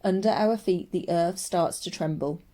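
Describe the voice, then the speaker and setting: A woman narrating a children's audiobook in a steady storytelling voice. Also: fairly low pitch, normal speed.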